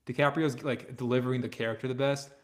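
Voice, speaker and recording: A man's voice: mid-range voice, fairly even intonation, fast talker. Blunt, opinionated man on a podcast. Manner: blunt, opinionated, trails off quietly. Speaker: podcast guest. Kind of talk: casual sports chat.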